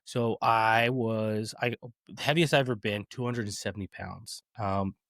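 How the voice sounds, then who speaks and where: A man around thirty hosting a podcast, talking in a relaxed, chatty way with frequent fillers, restarts and laughter. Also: fairly low pitch, a little slow, no room sound, clean studio sound. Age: 30s. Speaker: podcast host. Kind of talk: casual podcast conversation.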